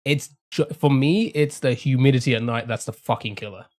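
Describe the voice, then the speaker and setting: A man's voice: medium pitch, fairly quick, darkish tone. A man rambling casually to his live-stream chat, swearing freely and restarting his sentences often. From England.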